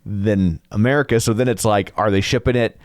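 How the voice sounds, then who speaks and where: A man co-hosting a casual podcast chat, his voice a little low. He keeps slipping in playful jokes and made-up asides. He is recorded dry and close on a studio mic. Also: fairly quick, no echo. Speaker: podcast co-host.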